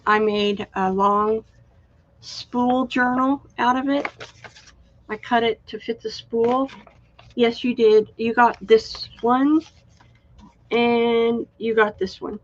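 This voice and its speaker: A woman hosting a live-stream craft sale, chatty and unhurried, admiring each item as she shows it. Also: on the high side, muffled recording, a little hiss or hum. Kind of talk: live-stream sales chat.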